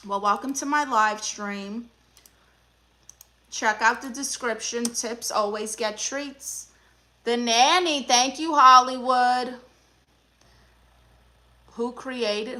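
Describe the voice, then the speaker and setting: On a live stream, a young Brooklyn-accented woman plays a comedic aunt-therapist, firing back at viewer comments with sass and playful teasing. Her voice is bright, a touch high, and carries a sharp edge.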